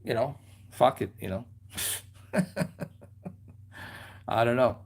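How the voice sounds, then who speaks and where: A man's voice: mid-range voice, slow, slightly rough. A man hosting a casual livestream from his lounge at home, rambling loosely with lots of fillers and trailing asides. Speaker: livestream host.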